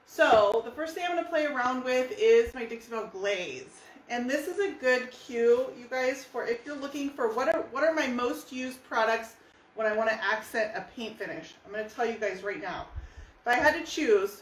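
A woman's voice: a little high, expressive, normal speed, far from the mic, slight background noise. A woman from California, teaching furniture painting live, explaining each step in a chatty, friendly way. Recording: echoey room.

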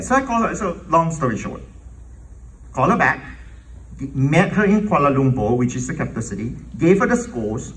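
A man from Malaysia, a composer telling a lively testimony story and acting out the dialogue. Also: a little high, moderate pace, far from the mic, rough recording. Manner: animated, acts out dialogue.

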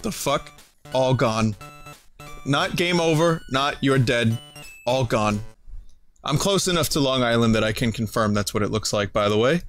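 A man's voice: mid-range voice, lively intonation, moderate pace. Sarcastic sick male streamer, profane commentary, game music behind. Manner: sarcastic, profane, laughing often. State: sick, slightly hoarse. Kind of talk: casual gameplay commentary.

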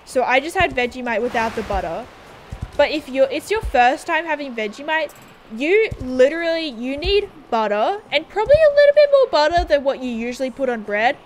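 A woman's voice: high-pitched, very animated, fairly quick, a little hiss or hum. A young Australian woman chatting casually on a game livestream, rambling and giggling as she reads viewer comments aloud. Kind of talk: casual livestream chat while gaming.

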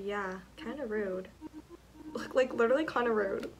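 A woman in her twenties commenting on a game as she plays, excitable, gasping and swearing often. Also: fairly high pitch, moderate pace, crowd noise. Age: 20s. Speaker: gamer. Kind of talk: let's play commentary. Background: game music.

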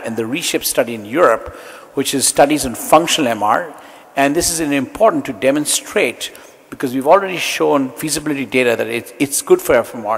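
Brief male conference speaker, measured slide-by-slide delivery, slightly husky voice, hall reverb. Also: medium pitch. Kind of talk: medical conference lecture.

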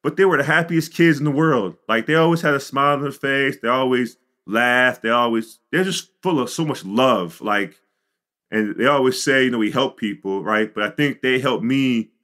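A middle-aged man from the Chicago suburbs, a podcast guest telling his life story in an animated way, with frequent "you know" and "like". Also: medium pitch, normal speed. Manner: animated storyteller, acts out quotes. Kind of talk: storytelling interview.

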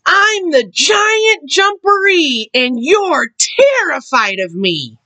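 A woman voicing a hidden storybook creature that booms rhymed threats from a burrow. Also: sing-song, takes it slowly, pushed and bright, heavily acted. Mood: boastful. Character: boastful hidden burrow creature, loud and menacing.

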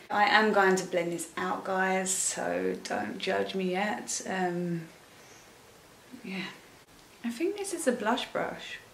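A young woman vlogging a makeup try-on, talking at an unhurried, drawn-out pace and wandering off into asides. She gushes whenever something impresses her. Her voice bounces around a reverberant room with a faint hum of ambience underneath. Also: medium pitch, vocal fry. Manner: chatty, rambling, gushing with excitement. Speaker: beauty vlogger. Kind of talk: casual makeup tutorial chat. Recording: echoey room.

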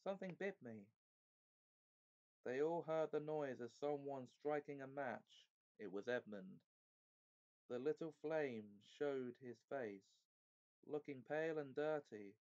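A man narrating a children's fantasy chapter book aloud in a measured, expressive way. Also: mid-range voice, dull audio. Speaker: audiobook reader. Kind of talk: storybook narration.

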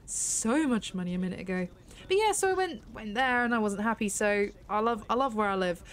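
A woman's voice: medium pitch, expressive, a little fast, a little hiss or hum. A young English woman from the UK chatting and rambling while she plays a horse racing game, laughing at herself. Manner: chatty, rambling, self-mocking. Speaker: gaming YouTuber. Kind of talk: casual gameplay commentary.

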